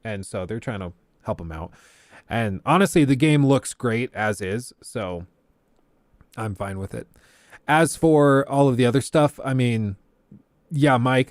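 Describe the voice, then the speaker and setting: Close and dry with no echo or room sound, a medium-pitched American man hosts a casual livestream. He talks conversationally, often restarting his sentences and filling pauses with "um."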